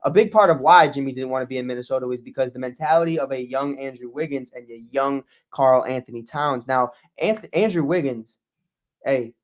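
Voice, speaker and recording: A man's voice: medium pitch, brisk. A man co-hosting a sports podcast, chatting animatedly and slipping into mocking impressions. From Chicago. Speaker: podcast co-host. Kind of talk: casual sports chat.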